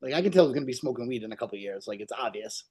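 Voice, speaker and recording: A man co-hosting a podcast, speaking in relaxed casual chat. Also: medium pitch, very fast, husky. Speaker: podcast co-host.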